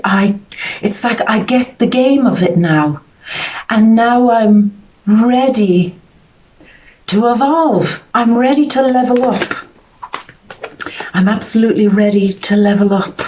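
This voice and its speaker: A woman's voice: fairly high pitch, measured pace, pauses often, a little mellow. A woman giving a psychic tarot reading in an earnest, emotional way, often repeating her words. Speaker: tarot reader.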